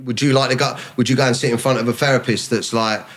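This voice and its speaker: A man's voice: medium pitch, quick pace, a little hiss or hum. A man, a comedian guest on a podcast, telling blunt, sweary stories in candid casual chat. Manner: blunt, sweary, animated storytelling.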